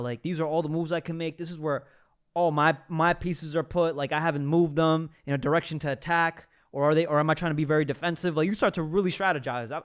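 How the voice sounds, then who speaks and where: A young host with a fairly high voice reacts to a clip. He talks in an animated, slangy way and keeps up a running commentary.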